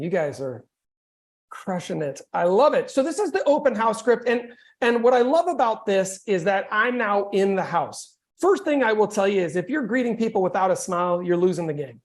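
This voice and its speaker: Male sales coach, jokey and high-energy, chatty delivery, teaching over a video call. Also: vocal fry. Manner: energetic, joking, conversational. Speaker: real estate coach.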